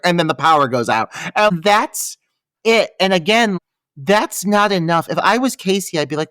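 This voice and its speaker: A man's voice: on the high side, a little slow, a bit bright, clean tone, dry recording. A man co-hosting a podcast in a casual movie-review chat, sarcastic and profane, with exaggerated retellings. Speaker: podcast co-host.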